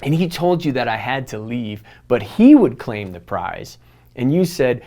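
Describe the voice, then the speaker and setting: A man's voice: mid-range voice, unhurried. A man telling a heartfelt story as a farewell tribute in a church, acting out the people in it. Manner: animated anecdote-telling, voicing others in quotes. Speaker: church member giving a tribute.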